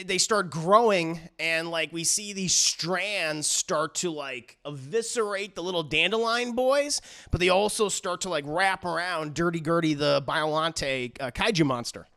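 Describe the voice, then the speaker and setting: A man recapping a cartoon episode live for his chat, animated and full of profanity as he acts out each scene. His voice runs high for a man, with a bright edge and some gravel. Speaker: streamer and TV reviewer.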